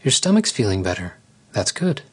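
A man voicing a gentle, coaxing mother lioness. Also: fairly low pitch, big pitch swings, moderate pace, slightly rough, exaggerated voice. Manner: soft, coaxing and wistful.

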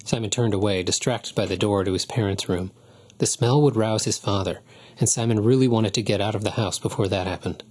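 A man with a low voice narrates an audiobook in a calm, even way. His tone is husky and a little breathy throughout.

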